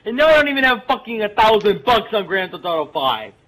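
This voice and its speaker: Give me an enraged teenage boy yelling into a gaming headset. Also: sits high, big pitch swings, fast talker, poor audio. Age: teens. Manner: yelling, swearing constantly, furious. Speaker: gamer in voice chat. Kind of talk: angry rant in game voice chat.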